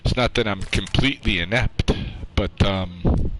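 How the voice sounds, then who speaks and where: Man, unhurried streamer type, self-deprecating and rambly with casual swearing, clear noise in the mic feed. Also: on the low side, low-quality recording. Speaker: livestreaming gamer chatting with viewers. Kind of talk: casual livestream chat. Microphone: own microphone close up.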